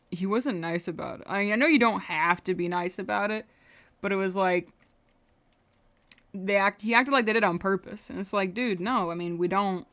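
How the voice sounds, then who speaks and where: A woman's voice: lowish voice, a bit bright. A young woman livestreaming her animation work, chatting casually, rambling and muttering to herself as she draws. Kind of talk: casual chat while drawing on stream.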